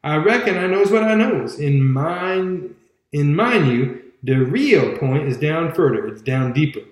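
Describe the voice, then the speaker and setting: A man reads as a stubborn, argumentative grown man with a Southern accent and a slow, lowered drawl. His voice sits a little high and rings in a very echoey room. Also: animated. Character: stubborn adult man, rural Southern talker. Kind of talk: audiobook character voice.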